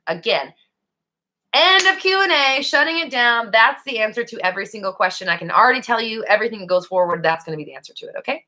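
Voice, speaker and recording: A young woman with a high-ish voice and a fast way of talking hosts a casual live Q&A. She's animated and blunt, swearing freely as she answers viewers.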